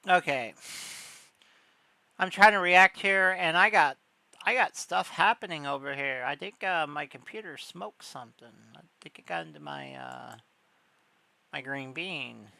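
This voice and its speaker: A woman's voice: sits low, a little slow, creaky, sharp tone, dry recording. A woman streamer giving a rambling, sarcastic reaction commentary on gaming news, often exasperated.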